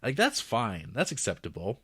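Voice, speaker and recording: A man co-hosting a film podcast, casually recapping a movie's plot and slipping into quick quoted voices for the characters. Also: lowish voice, huge pitch swings, bright, forceful tone, husky, no echo, studio quality. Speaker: podcast co-host. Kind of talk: casual film review chat.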